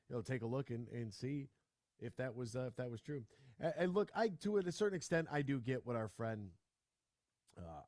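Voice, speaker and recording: A man's voice: medium pitch, no echo, clean studio sound. A man hosting a sports radio talk show, chatting casually and ranting with lots of restarts. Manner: animated, ranting, full of restarts.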